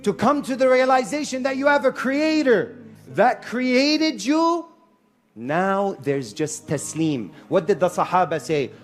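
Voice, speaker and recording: A man preaching a lively sermon to a live audience in a hall, telling stories with acted-out voices and mixing in Arabic phrases. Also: high voice, measured pace, soft background music. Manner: animated storyteller, acts out shouting characters; mixes Arabic phrases and Quranic recitation. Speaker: Islamic preacher.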